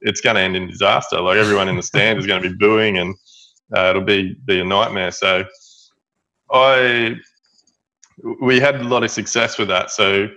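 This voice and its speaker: A middle-aged Australian man telling a story as an interview guest, halting, with many fillers and restarts. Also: fairly low pitch, fairly even intonation, sharp tone. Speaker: guest, building business owner. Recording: dull lo-fi audio.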